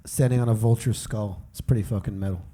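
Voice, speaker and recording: A man's voice: lowish voice, steady tone, quick pace, dark tone, slight background noise. A man chatting as a guest on a live podcast stage. He talks in a laid-back way and laughs easily. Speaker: guest musician.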